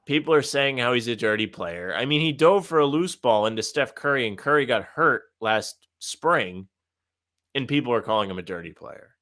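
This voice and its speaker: A man co-hosting a casual sports podcast, talking in an animated, ranting way with some sarcasm. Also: mid-range voice, normal speed. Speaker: podcast co-host.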